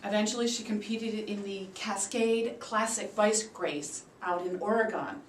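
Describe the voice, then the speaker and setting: A woman gives a prepared storytelling speech in a meeting room. Her voice sits at a middle pitch and jumps high and loud whenever she acts out what someone said. She is heard from some distance in a roomy hall, with a faint murmur behind her. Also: measured pace, slight background noise. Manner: animated, acts out quoted voices with big leaps in pitch and loudness. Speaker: speaker at a public speaking club. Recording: roomy sound from a distant mic.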